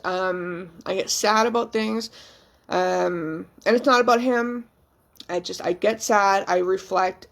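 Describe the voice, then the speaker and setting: A young woman vlogging as a new mother, talking candidly and emotionally, rambling with frequent ums and casual swearing. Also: medium pitch. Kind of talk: casual, candid vlog chat.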